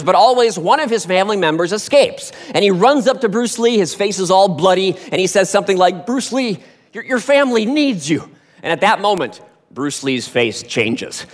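A man telling a story on stage to an audience in a lively, animated way, acting out the voices of the people in it. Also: sits high. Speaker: speaker. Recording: long hall reverb.

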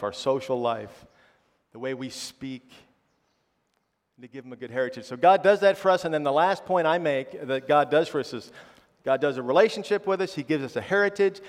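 A middle-aged man preaching a conversational sermon, often tagging a questioning "right?" onto his sentences with self-deprecating humor. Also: fairly high pitch. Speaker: pastor. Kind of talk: conversational sermon with personal stories. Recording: long reverb of a large hall.

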